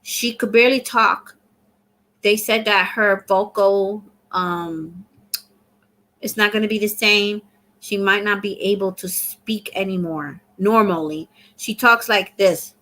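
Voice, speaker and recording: Chatty bright-voiced woman on a livestream. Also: medium pitch, fairly even intonation, slow pace. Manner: chatty, reads viewer comments aloud. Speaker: livestream host. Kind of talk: casual live chat.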